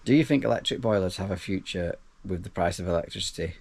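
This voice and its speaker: Talking fast, a plumber who runs his own business and a YouTube channel answers viewers' questions in a relaxed Q&A vlog. His voice is fairly low, the recording dry, and he drifts a bit, restarts lines and slips in dry little comments, all unpolished.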